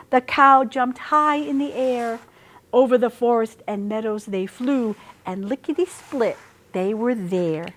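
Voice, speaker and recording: A woman reading a picture book aloud at storytime, expressive and sing-song through the rhymes. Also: on the high side. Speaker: storytime reader.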